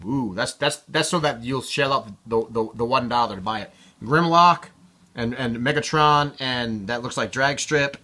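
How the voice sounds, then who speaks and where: Male collector, casual show-and-tell commentary, offhand and cussing, crisp forward tone. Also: mid-range voice, sharp tone. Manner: offhand and irreverent, swears freely. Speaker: comic collector showing his collection.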